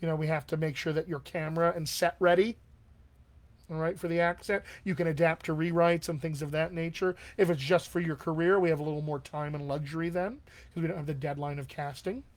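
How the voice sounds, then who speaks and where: Upbeat man with a slightly high voice. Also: fairly even intonation, fairly quick. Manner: upbeat and encouraging, often checks in with "all right?". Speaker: dialect coach. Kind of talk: live online Q&A answering viewer questions.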